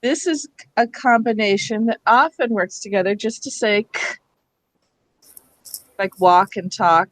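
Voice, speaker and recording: A woman's voice: medium pitch, a little slow, long pauses, dry recording, low-quality recording. A woman presenting a hands-on reading workshop to teachers in a school room, explaining patiently and checking in with the group as she goes.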